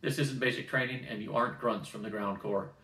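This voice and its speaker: A man doing a gruff, barking flight captain. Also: medium pitch, steady tone, a little fast, sharp tone. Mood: stern. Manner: curt, barking commands. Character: gruff older male flight instructor, stern captain. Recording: roomy, distant mic.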